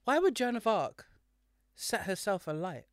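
Male podcast co-host, slightly high, smooth, dry close sound, animated storyteller. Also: unhurried, no room sound. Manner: animated storyteller, acts out quotes. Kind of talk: casual chat.

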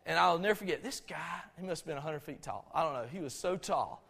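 High-voiced folksy Southern pastor preaching. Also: male voice, expressive, quick pace, gravelly, fairly bright tone, husky. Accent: Southern US, Georgia. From Albany, Georgia, USA. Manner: folksy, conversational, with frequent restarts. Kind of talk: storytelling sermon. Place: church sanctuary. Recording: long reverb of a church sanctuary.

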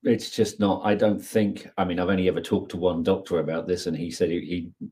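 Soft-spoken hesitant man. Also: low voice, little pitch movement, fairly quick. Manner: hesitant, filler-heavy, gentle. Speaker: podcast co-host. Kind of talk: casual chat.

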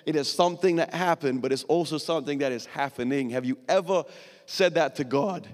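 High-voiced male preacher in a hall. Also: fast talker. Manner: dramatic, swings from quiet asides to loud pleading. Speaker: pastor. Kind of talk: sermon.

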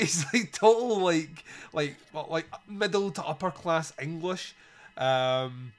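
Male host, slightly high-pitched, mocking and sweary in a casual film review chat. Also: unhurried. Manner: animated, sweary, mocking the film's dialogue. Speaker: podcast host.

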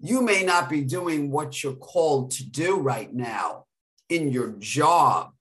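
A woman with a New York accent, co-hosting a casual podcast chat and telling stories in an animated way. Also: sits low, slow. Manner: animated storytelling with laughs. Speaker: podcast co-host.

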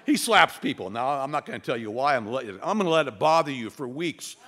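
A man preaching as pastor, teaching verse by verse with wry humor and dramatic pauses. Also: medium pitch, lively intonation, bright, forceful tone. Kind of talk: expository sermon.

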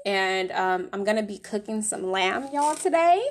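A woman's voice: medium pitch, level tone, normal speed. A woman hosting her own faith podcast, talking casually to her listeners with a playful put-on country drawl, lots of y'all and laughter. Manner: chatty, laughing, loosely rambling; ends in a soft spoken prayer. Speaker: podcast host. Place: at her workplace.

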